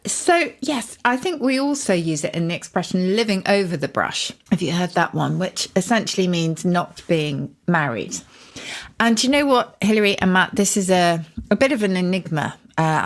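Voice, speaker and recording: Low-voiced woman co-host explaining words. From Yorkshire. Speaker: podcast co-host. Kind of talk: conversational word-origin explanation.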